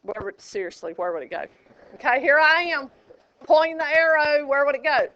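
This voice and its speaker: A woman teaching a high school math class, chatty and joking, quizzing her students as she goes. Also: brisk, dull audio. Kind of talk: classroom lecture.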